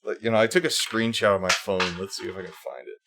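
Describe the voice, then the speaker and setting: A fast-talking man with a low, steady voice that sounds bright and forceful hosts a casual livestream over slight background noise. He reads posts aloud and mocks them in put-on whiny voices, rambling sarcastically with many fillers and restarts.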